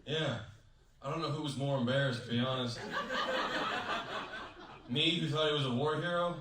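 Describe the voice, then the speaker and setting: A man performing a stand-up comedy set on stage, telling stories deadpan with sudden high-pitched acted quotes. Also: normal speed, heavy background noise. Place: comedy show in a hotel venue. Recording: roomy live room, mic at a distance. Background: audience laughter.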